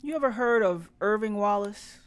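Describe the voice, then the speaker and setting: A woman's voice: mid-range voice, natural voice. A woman doing a drawling small-town sheriff. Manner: slow drawl.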